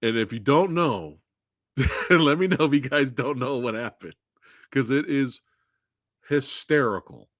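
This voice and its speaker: A man's voice: medium pitch, measured pace, long pauses, no echo, clean studio sound. A man hosting a casual live Q&A stream, telling stories with lots of laughter and playing different people. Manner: animated storytelling with frequent laughter. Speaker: livestream host.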